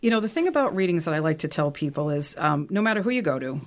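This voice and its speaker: A woman's voice: sits low, animated, fast. A woman hosting a podcast and reading tarot, chatting casually with a lot of fillers. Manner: chatty storyteller, many fillers. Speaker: podcast host and tarot reader.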